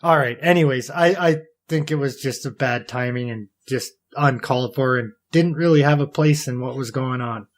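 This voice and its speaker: A man's voice: mid-range voice, normal speed, hardly any pauses. A man hosting a podcast in casual chat, blunt, profane and teasing. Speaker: podcast host.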